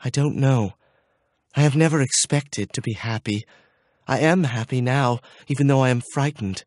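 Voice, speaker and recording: A man voicing a timid, wistful young princess in an audiobook, speaking in a soft, husky half-whisper. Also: medium pitch, normal speed, no echo, studio quality, natural voice. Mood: fearful.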